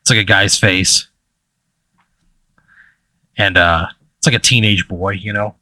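Low-voiced man running a tabletop game. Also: steady tone, sharp tone, dry recording. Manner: casual, halting, lots of fillers. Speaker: game master.

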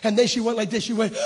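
A middle-aged man preaching a sermon as pastor, animated and playful with the congregation, dropping to a hush when telling a story. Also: high voice, slightly rough. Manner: addresses the congregation casually, calling them "baby". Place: church service.

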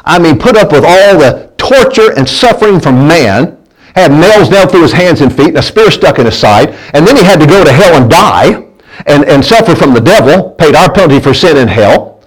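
A preacher man with a somewhat high voice delivers a folksy sermon. He keeps asking his congregation for answers and trips over and repeats his words as he pushes his point. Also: lively intonation, moderate pace, breathy edge, rough recording. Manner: folksy preaching with call-and-response and stumbling restarts. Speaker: pastor.

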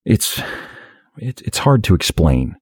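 A hesitant man in his twenties who stammers and dodges, read for an audiobook, in the narrator's own voice. The voice is low and husky, recorded dry and close. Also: sing-song, slow pace, darkish tone, no room sound, heavily acted. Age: 20s. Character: nervous 27-year-old man, evasive. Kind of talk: audiobook reading.

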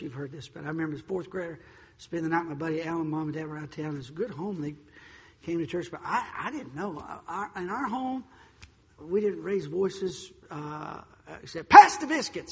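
A man preaching a sermon, telling stories in an animated way, acting out voices, and swinging between loud and soft. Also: on the high side, gravelly, husky, big-room sound. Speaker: pastor.

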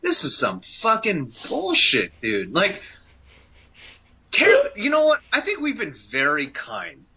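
A man's voice: high-pitched, wildly swooping pitch, takes it slowly, pushed and bright, slightly rough. A man co-hosting a podcast, ranting with lots of swearing and sarcastic mock quotes. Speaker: podcast co-host. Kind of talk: casual podcast rant. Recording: dull lo-fi podcast audio.

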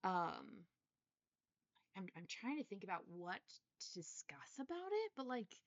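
A woman's voice: medium pitch, big pitch swings, measured pace, no echo. A woman co-hosting a podcast, chatting casually and eagerly about a book and leading the conversation. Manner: enthusiastic, leads the discussion. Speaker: podcast co-host. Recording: dull lo-fi recording.

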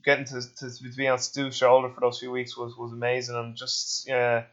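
A man's voice: mid-range voice, monotone, a little fast, a bit bright, lo-fi sound. An Irish man hosting a casual interview, rambling and repeating words, swearing freely. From Ireland. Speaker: podcast host.

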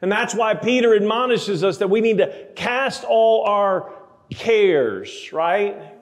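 A man preaching a sermon, emphatic, slowing down to read scripture aloud. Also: high voice, long reverb tail. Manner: emphatic, slows for scripture readings.

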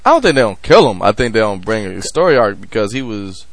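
A man's voice: lowish voice, very animated, fast talker, no echo. A man hosting a podcast in casual chat, joking and rambling with frequent restarts. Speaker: podcast host.

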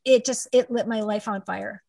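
Her voice is slightly high, gravelly and darkish, with fairly even intonation at a normal speed. She's a middle-aged parent advocate and trainer, a guest in a conversational interview, telling her story in an emphatic, rambling manner.

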